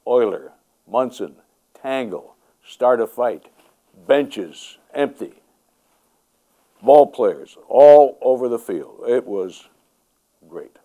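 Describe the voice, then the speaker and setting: Slow, mellow man in clipped phrases. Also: medium pitch. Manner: clipped phrases, building excitement. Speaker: former ballplayer. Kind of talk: storytelling interview.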